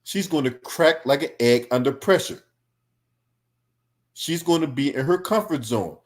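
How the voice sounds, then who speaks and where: A man's voice: on the high side, animated, a little slow. Angry, profane man in heated commentary. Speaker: political commentary streamer.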